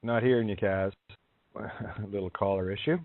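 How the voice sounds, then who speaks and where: A man's voice: on the low side, fairly even intonation, normal speed, no room sound. A man hosting a call-in radio show, talking casually to the audience and a caller over tinny, dry sound. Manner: casual, soothing asides to the audience. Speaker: radio host.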